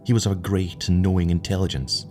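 A gentle town mayor, read by a man, who answers every question calmly and simply. His voice stays low and mild. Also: quick pace, soft background music, close to an everyday voice.

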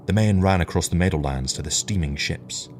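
A man reading an audiobook story in a measured, even way, with faint music behind. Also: deep voice. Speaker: narrator. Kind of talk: audiobook narration.

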